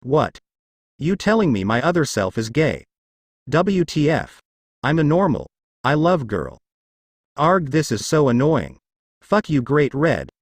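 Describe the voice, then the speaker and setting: A man's voice: fairly high pitch, sing-song, measured pace, long pauses, no room sound. A man's synthetic voice reading a fanfic aloud, pronouncing punctuation and spelled-out letters literally. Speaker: narrator. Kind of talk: text-to-speech fanfic reading.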